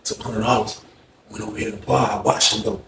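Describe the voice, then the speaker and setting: A man telling a story in a casual, slangy way, animated and acting out the dialogue. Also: fairly low pitch, quick pace. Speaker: storyteller recounting prison life. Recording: echoey room with faint noise.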